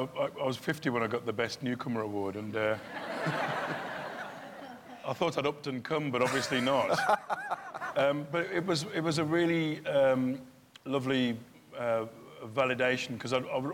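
A man's voice: medium pitch, moderate pace. Laughing, chatty man in a big hall. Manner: chatty, laughing, acts out voices in his stories. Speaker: guest. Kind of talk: casual chat on stage. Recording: long hall reverb, faint room noise.

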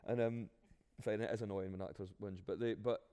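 A man with a Glaswegian accent, an actor answering interview questions in an animated way, often restarting his sentences. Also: fairly low pitch, a little fast, clean tone, big-room sound.

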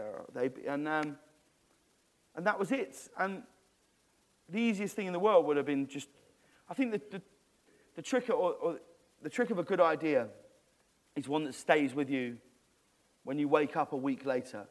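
Male guest, raised pitch, animated live-interview storyteller, chatty and rambling. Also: moderate pace, long pauses. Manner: animated, rambling, many restarts.

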